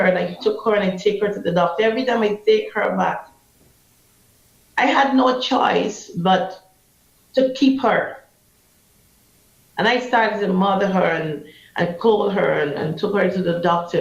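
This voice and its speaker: A woman's voice: mid-range voice, vocal fry. Impassioned Guyanese woman telling a story. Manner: impassioned, vivid storyteller acting out quotes. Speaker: anti-trafficking activist. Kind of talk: emotional personal storytelling interview. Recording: roomy, slightly muffled.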